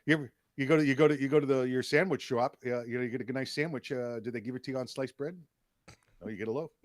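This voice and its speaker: A man's voice: mid-range voice, fast talker, dry recording. A young man with a New York accent, co-hosting a casual political podcast, often repeating words as he starts. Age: young adult. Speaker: podcast co-host.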